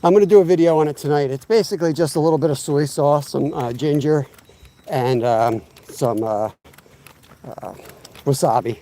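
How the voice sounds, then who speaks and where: Mellow and a little high, this man's voice moves at a moderate pace as he hosts a fishing live stream by the water. In his fifties, he chats casually, rambles and pokes fun at himself, captured by a camera on a tripod.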